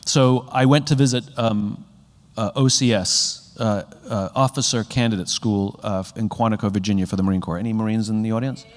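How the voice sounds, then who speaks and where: Conversational man speaking in a reverberant hall. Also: medium pitch. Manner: conversational, acts out quoted dialogue with rising animation. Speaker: speaker on leadership. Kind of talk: keynote talk to an audience. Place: large hall with a live audience.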